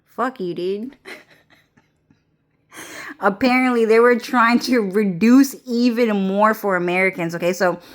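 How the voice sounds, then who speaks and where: A woman's voice: mid-range voice, fairly bright tone. A young woman vlogger ranting casually, rambling and swearing with frequent laughs. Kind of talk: casual rant.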